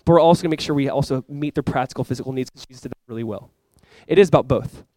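A young man preaching a sermon to his church in a casual, conversational way, with sudden loud bursts and quiet asides. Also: medium pitch, rapid-fire, no echo. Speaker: pastor.

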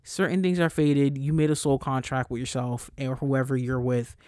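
A man hosting his own podcast alone, talking casually in a blunt, profane, animated way as he gives his listeners a pep talk. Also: mid-range voice, normal speed, clear, resonant tone, dry recording, studio quality. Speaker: podcast host.

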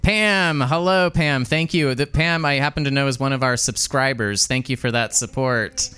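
Man, show host, friendly, bright crisp voice. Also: mid-range voice, normal speed. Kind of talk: hosting live storytelling show.

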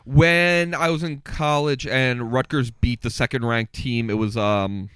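A young man co-hosting a podcast in casual chat, sarcastic and quick with music talk. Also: mid-range voice, clean tone, no room sound. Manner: sarcastic, lively, reads notes aloud with stumbles. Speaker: podcast co-host.

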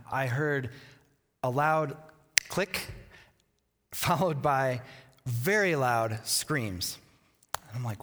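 A man's voice: on the high side, fairly bright tone. A man in his thirties, a pastor, giving a conversational sermon that opens with a chatty personal story he laughs along with. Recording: long reverb from a large hall.

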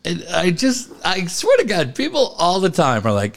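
A middle-aged man co-hosts a podcast, needling his partner and breaking into exclamations. His voice runs a little high and swings widely in pitch. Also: huge pitch swings, moderate pace, creaky. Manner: teasing, exclamatory. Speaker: podcast co-host. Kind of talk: casual chat.

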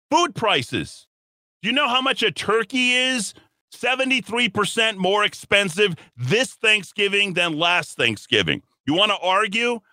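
A man holds forth on his talk radio show in a combative, emphatic monologue, jabbing with mockery. His voice sits high and rings very bright. The sound is dry and close. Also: no echo.

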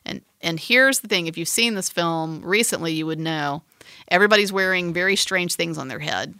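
Bright, teasing woman chatting. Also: fairly low pitch, moderate pace, smooth, dry recording, clean studio sound. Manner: chatty, teasing, rambling with restarts. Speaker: podcast co-host describing a film. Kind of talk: casual chat.

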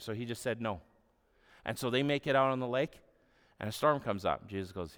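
A man's voice: mid-range voice, fairly quick, long pauses, fairly bright tone, long reverb tail. A man preaching a sermon in a conversational, humorous storytelling way. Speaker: pastor.

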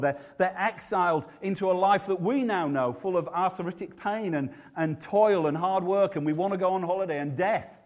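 Man, Yorkshire accent, sermon, high pitched voice, chatty and joking. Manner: conversational and humorous, with frequent restarts. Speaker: preacher.

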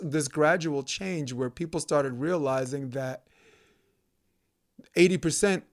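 A man from Brooklyn, a podcast guest ranting heatedly and profanely, hammering points through repetition. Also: on the high side. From Brooklyn, New York. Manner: profane, emphatic, repeats phrases for emphasis. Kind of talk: heated conversational rant.

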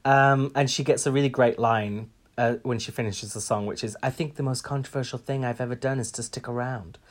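A man's voice: medium pitch, steady tone, a little fast. Chatty opinionated man. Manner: chatty, opinionated, frequent ums. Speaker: podcast co-host. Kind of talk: casual chat.

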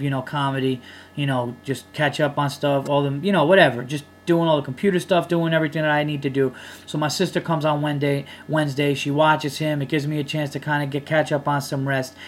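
A man hosting his podcast as a comedian, ranting casually with heated, profane emphasis. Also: a little high.

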